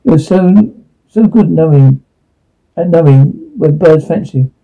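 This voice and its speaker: A man's voice: a little high, measured pace, creaky. A man reading the lines of a young male friend who teases the narrator crudely, over a phone-like line. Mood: teasing. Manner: teasing.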